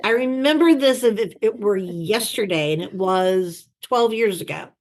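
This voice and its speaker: A woman guest in an interview, telling an anecdote in a lively way and acting out the voices she quotes, over a video call. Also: medium pitch, moderate pace. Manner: animated storyteller who acts out quoted voices. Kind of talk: anecdotal storytelling.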